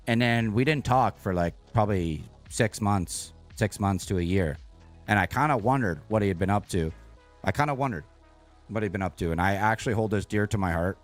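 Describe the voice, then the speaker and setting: Streamer, male, very low voice, rambling, earnest, casual live chat over soft music. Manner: rambling, earnest, swears often. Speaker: game streamer.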